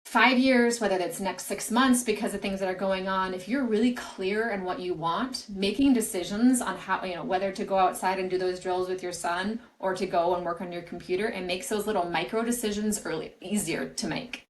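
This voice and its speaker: A woman's voice: medium pitch, steady tone, fairly quick, few pauses, low-quality recording. A woman career coach, a podcast guest, explaining her advice earnestly and often restarting phrases. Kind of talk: podcast interview answers.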